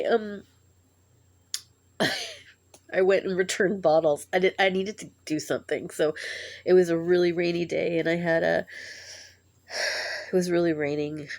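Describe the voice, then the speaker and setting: A woman telling a tearful personal story in a halting, emotional way, sighing and breaking off as she grieves. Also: lowish voice, gravelly, darkish tone. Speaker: vlogger.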